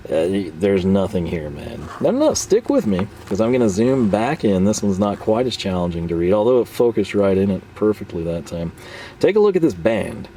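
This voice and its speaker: Playful low-voiced man demoing tools. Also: big pitch swings, normal speed, dark tone, a little hiss or hum. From Texas. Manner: playful, talks back to imagined viewers. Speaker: tool reviewer. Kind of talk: casual product demo talk.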